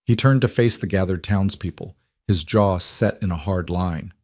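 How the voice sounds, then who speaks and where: A man giving scripted narration of a story in a measured, even way. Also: low-pitched, no echo, studio quality.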